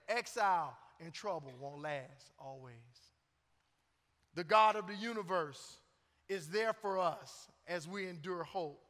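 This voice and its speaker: A man's voice: high-pitched, slow pace, a bit bright. A middle-aged man preaching a sermon as pastor, joking and conversational between emphatic points. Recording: long church reverb.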